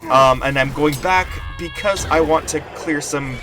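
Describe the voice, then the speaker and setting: A man live-streaming an online game, talking excitedly and rambling to his viewers, laughing often. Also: on the high side, a little slow, over music. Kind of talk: live gameplay stream chat.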